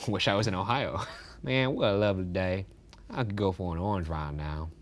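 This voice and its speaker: A man putting on a joking, exaggerated Southern drawl, slow and mumbling, his voice dropping low toward a whisper. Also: wildly swooping pitch, darkish tone, breathy edge, full character voice. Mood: savoring.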